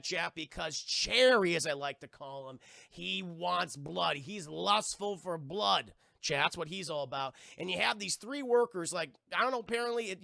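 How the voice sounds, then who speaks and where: A man live-streaming a casual film review, swearing a lot and excitedly talking to his chat. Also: sits high, gravelly, dry recording, studio quality. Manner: profane, excitable, talks to the chat.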